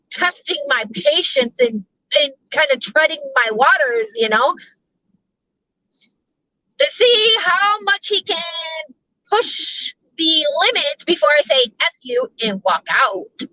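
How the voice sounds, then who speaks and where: A high-voiced woman with a bright, sharp tone tells a long story vlog-style, full of fillers, restarts and asides. The sound is dull and lo-fi, like a phone, with almost no room echo. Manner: rambling, lots of fillers and restarts. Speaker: vlogger.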